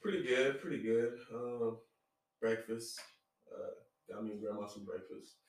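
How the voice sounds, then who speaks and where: A man's voice: mid-range voice, measured pace. A male guest chatting in a laid-back way, swearing casually. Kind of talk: casual chat. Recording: very echoey, distant from the mic.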